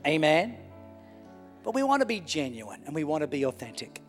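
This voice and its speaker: Middle-aged male pastor with a high voice and passionate, repetitive sermon delivery, church hall reverb. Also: sing-song, normal speed. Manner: impassioned preaching with repeated phrases. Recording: echoey hall with faint music.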